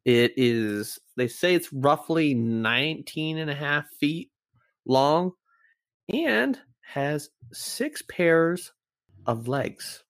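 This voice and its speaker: Lively podcast man telling a monster tale. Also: a little high, extremely slow. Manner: chatty, retells facts with hesitant restarts. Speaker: podcast co-host. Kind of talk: casual podcast storytelling.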